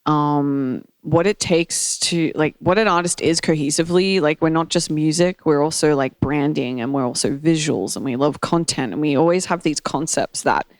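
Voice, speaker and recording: A young Australian woman with an Australian accent, a guest in a casual chat, bubbly and quick to laugh, with lots of "like". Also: low-pitched, no echo. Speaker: guest, artist developer. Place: home set.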